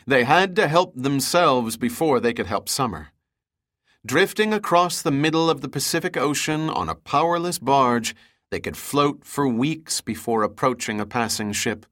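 A man reading an adventure audiobook aloud in a steady, measured narration. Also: mid-range voice.

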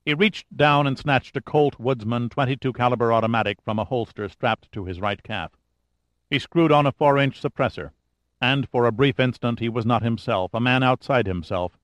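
A man's voice: mid-range voice, moderate pace, no room sound. Man narrating a thriller audiobook, dry.

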